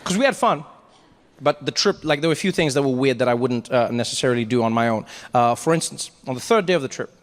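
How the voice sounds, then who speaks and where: A man from Africa doing a stand-up comedy set, telling stories with animated asides. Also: mid-range voice. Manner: animated storytelling, quick asides. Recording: live stage with long reverb and faint ambience.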